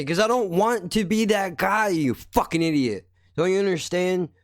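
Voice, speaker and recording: A man's voice: high voice, normal speed, no room sound, studio quality. A man hosting a podcast, ranting in a blunt, heated, constantly swearing monologue. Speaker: podcast host. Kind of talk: angry profane monologue.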